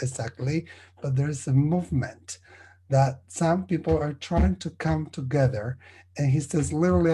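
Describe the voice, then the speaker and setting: Guy medium passing on spirit messages, kinda high voice, soft mellow tone, halting and earnest. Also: slight background noise, poor audio. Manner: earnest, halting, checks in with listeners often. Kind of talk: delivering spirit messages at a service.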